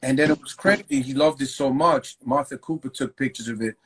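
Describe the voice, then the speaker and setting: A graffiti writer telling stories in a loose, profane, slang-heavy way during a casual interview. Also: male voice, mid-range voice, a little fast, fairly bright tone, husky, rough recording. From New York.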